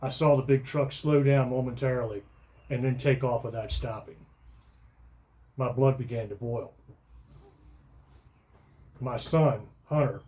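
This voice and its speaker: A middle-aged man with a voice of ordinary pitch reads his own funny story aloud. He keeps the telling dry and matter-of-fact, letting the events carry the humor. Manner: dry storytelling, bursts into loud shouting for quoted lines. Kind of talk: first-person comic story reading.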